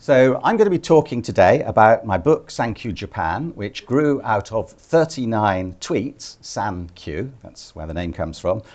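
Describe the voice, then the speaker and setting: An older man from Britain gives a relaxed public talk, telling anecdotes with a dry, understated wit. His voice sits fairly low, and he tells each story at an unhurried pace. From United Kingdom. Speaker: guest speaker, former ambassador.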